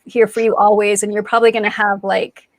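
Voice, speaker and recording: A woman hosting a memorial service, speaking gently and affectionately to console a grieving friend on a video call. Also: medium pitch, flat delivery, quick pace, dry recording, poor audio. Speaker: community host.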